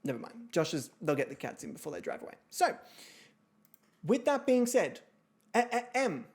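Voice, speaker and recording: A woman hosting a game stream from home, chatty and excitable, swearing freely and chatting to her pets between rounds. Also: medium pitch, moderate pace. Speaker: host of an online reality show game stream. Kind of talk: casual livestream chat.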